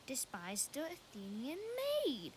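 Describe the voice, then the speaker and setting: A young woman playing a mischievous male fairy servant, speaking slow deliberate verse with sudden loud outbursts, recorded at an outdoor youth stage performance. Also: on the high side, very animated, background noise. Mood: sly.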